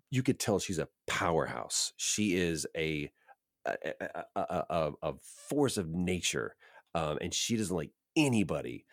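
A man's voice: low-pitched, no room sound, clean studio sound. A man, an actor, casually telling a self-deprecating story full of fillers and restarts. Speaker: actor guest.

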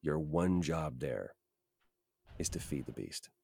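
Very deep-voiced man giving earnest advice. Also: expressive, slow pace, gravelly, a little mellow, breathy edge, no room sound, clean studio sound. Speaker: voice actor, podcast guest. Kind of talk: reflective interview talk.

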